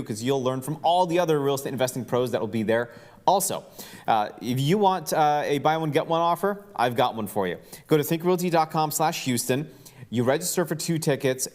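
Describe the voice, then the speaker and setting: A man hosting a podcast, talking casually with plenty of fillers and jokes. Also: mid-range voice. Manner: jokey, loose, lots of fillers. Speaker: podcast host.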